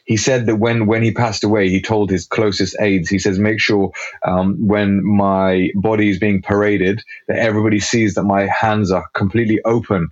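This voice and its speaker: Animated chatty man, low voice. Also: normal speed, no room sound, dull audio. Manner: animated, chatty, many fillers and restarts. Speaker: podcast guest. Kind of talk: casual podcast chat.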